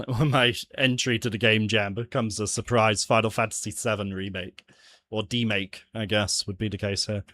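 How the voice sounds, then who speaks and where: A man's voice: fairly low pitch, little pitch movement, moderate pace, fairly bright tone, dry recording. Chatty man musing as he works. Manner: chatty, laughs often, mutters to himself. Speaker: game developer streaming his jam entry. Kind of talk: casual livestream chat while working.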